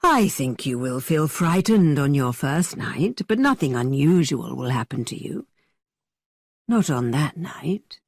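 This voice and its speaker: A woman voicing a teasing young man who tells spooky tales in a dramatically low voice. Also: sing-song, a little slow, vocal fry, slightly rough, no echo, clean studio sound, heavily acted. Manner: dramatically low, hushed storytelling.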